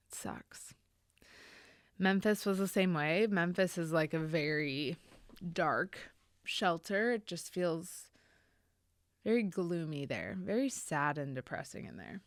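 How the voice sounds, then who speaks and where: A woman hosting a podcast, telling a personal story in an earnest, reflective way, pausing on fillers and dropping to a near-whisper at sad points. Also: sits low, dry recording, clean studio sound. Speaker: podcast host.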